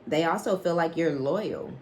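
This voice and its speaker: A woman with a deep, low voice gives an unscripted collective tarot reading. She talks bluntly and swears freely, and she keeps checking in with "right?" She acts out the lines of the people she describes with animation. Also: moderate pace, slight background noise. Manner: animated, acts out quoted dialogue. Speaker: psychic tarot reader.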